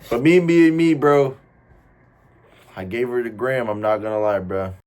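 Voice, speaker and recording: A young man from New Jersey with a New Jersey accent, telling a casual storytime in slangy, animated talk. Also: mid-range voice, a little slow, slight background noise.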